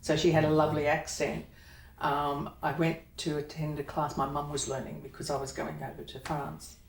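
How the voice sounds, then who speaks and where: A woman's voice: low-pitched, little pitch movement, normal speed. A woman, an actor, chatting as a guest in an interview, rambling and laughing often. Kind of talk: casual interview chat. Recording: echoey room, mic at a distance, faint noise.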